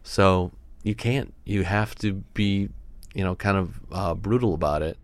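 A man talking candidly about a story in casual conversation, blunt and animated, often mimicking other people. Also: low-pitched, measured pace, no echo.

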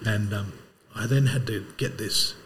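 A man, a podcast host telling a story in casual chat, animated and laughing as he talks. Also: fairly low pitch, measured pace.

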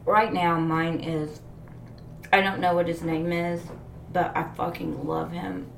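A woman's voice: lowish voice, unhurried, fairly bright tone, reverberant, slight background noise. A woman co-hosting a casual podcast, blunt and profane, gushing openly. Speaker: podcast co-host.

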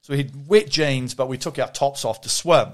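A man's voice: medium pitch, normal speed. Rambling, swearing middle-aged man. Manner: rambling, swears freely, restarts. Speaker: podcast guest. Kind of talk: casual storytelling.

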